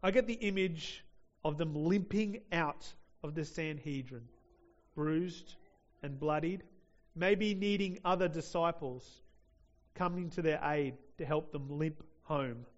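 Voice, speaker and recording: Emphatic preacher, lo-fi recording. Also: male voice, slow pace. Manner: emphatic, rising to loud peaks then dropping low. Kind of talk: sermon.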